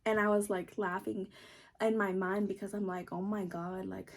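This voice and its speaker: A woman in her twenties telling a storytime to her viewers in a casual, animated way, swearing a lot and acting out what people said. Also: mid-range voice, normal speed. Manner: animated, heavy swearing, acts out quotes. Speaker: vlogger.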